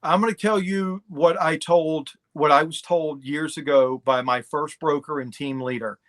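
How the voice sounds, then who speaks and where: A man's voice: fairly high pitch, fairly bright tone. Blunt, candid man as a podcast guest. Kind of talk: casual interview conversation.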